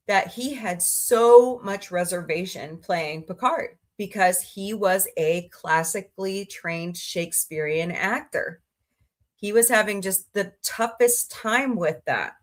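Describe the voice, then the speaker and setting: A woman hosting a casual livestream, rambling happily, greeting viewers by name and laughing easily. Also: takes it slowly. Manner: chatty, rambling, reads chat aloud and greets viewers; laughs easily, voices reactions with sudden high squeals. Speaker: livestream host.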